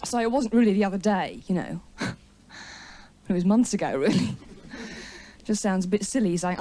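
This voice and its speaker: A woman's voice: medium pitch, normal speed, warm tone. A woman doing a stand-up routine in a TV studio before a live audience, telling a story with chatty, wry self-mockery and teasing the crowd. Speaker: stand-up comedian.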